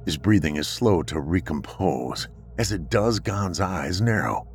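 A man narrating a scripted story in a dramatic, expressive reading. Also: sits low, unhurried, faint music behind.

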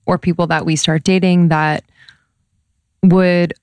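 A woman's voice: fairly low pitch, little pitch movement, slow, smooth, dry recording. A woman co-hosting a casual podcast chat, asking thoughtful questions with hesitant restarts.

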